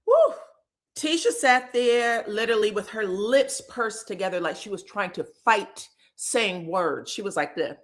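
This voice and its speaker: A woman's voice: medium pitch, a little slow, hardly any pauses. A woman hosting a casual livestream recap of a reality show, telling the drama in a sassy, slangy, profane way and acting out what people said. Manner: acts out quotes with lively voices.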